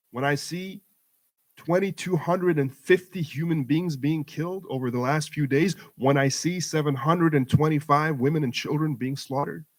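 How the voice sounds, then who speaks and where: A middle-aged man giving an impassioned talk to a community audience at a mosque event, building his points through emphatic rhetorical repetition. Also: a little high. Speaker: guest speaker at community program.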